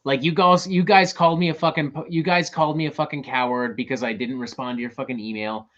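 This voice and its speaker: A man's voice: medium pitch, fairly even intonation, fast talker, fairly bright tone, highs cut off. A man hosting a show, ranting in casual talk, profane and exasperated. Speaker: host.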